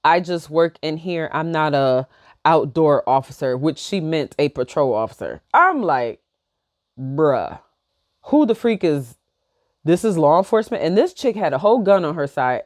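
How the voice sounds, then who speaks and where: A young woman vlogging, telling a personal story in a heated, animated way and acting out both sides of each exchange. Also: low voice, moderate pace, dry recording, clean studio sound. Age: young adult. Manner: heated, animated retelling with quoted back-and-forth. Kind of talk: casual storytelling.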